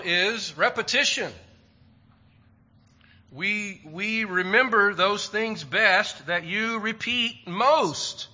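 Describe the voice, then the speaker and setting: A man's voice: on the high side, bright, forceful tone. A man preaching a sermon with a plain, lightly humorous manner. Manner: plain-spoken and lightly humorous, quoting stock sayings. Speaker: pastor. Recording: dull lo-fi recording.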